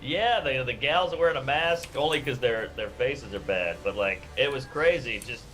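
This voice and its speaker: A stand-up comedian from New Orleans trading road stories in podcast banter, telling them in an animated, profane way. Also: male voice, medium pitch, moderate pace, rough recording.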